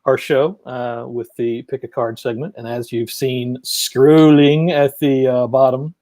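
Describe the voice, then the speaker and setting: Stream co-host with a mellow, dry voice, rambling and loose. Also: medium pitch, steady tone, a little slow, dry recording. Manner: rambling, many fillers and restarts. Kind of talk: live-stream hosting.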